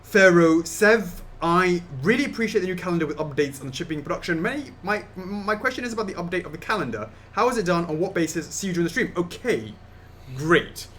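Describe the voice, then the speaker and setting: Chatty English man, lively pitch. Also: a little fast, a little hiss or hum. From England. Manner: chatty, jokey, laughs often. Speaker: co-host of a company Q&A stream. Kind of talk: casual chat reading viewer questions.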